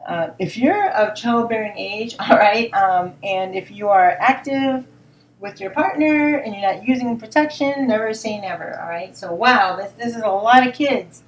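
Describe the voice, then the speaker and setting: A woman's voice: medium pitch, moderate pace, lo-fi sound. Woman, tarot reading, reassuring, roomy sound from a distance, faint background noise. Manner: repeats words and keeps asking "all right?" and "okay?"; gentle, reassuring tone. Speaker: tarot reader. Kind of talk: spoken tarot reading to camera.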